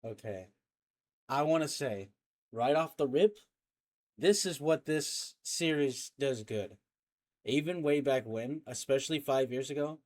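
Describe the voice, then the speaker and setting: A young man hosting a reaction video, talking casually and haltingly with lots of slang and filler. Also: fairly high pitch, darkish tone.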